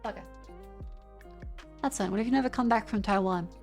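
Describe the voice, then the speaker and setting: A young Australian woman chats with viewers on a live stream, reading their messages aloud and often stumbling and starting over. Her mid-range voice is brisk and a little mellow, with soft music playing in the background.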